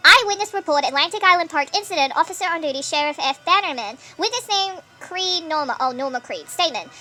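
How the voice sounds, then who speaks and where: High bright sped-up woman gamer. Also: normal speed, faint music behind. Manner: chatty, thinking aloud with frequent laughs and fillers. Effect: sped-up nightcore pitch shift. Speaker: gameplay streamer. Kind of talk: gameplay commentary.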